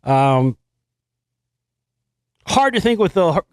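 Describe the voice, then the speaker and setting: A man hosting a talk show in a slightly high voice, recorded dry and close. He rambles through news stories with sarcastic, profane asides. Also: lively intonation, moderate pace, long pauses, no room sound. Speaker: host. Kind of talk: casual monologue commenting on news.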